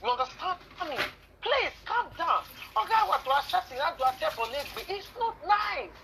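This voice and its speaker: A woman's voice: very high-pitched, big pitch swings, normal speed, gravelly, pushed and bright. Pleading Nigerian woman, noisy traffic. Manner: preachy, repeats phrases, pleading. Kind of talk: pleading voice note.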